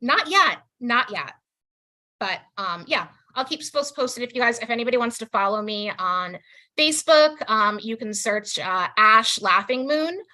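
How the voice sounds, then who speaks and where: A woman's voice: fairly high pitch, measured pace. A woman in her thirties performing a stand-up set over a video call, acting out quoted voices with big swings. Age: 30s. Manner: animated, jumps into exaggerated quoted voices. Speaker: stand-up comedian.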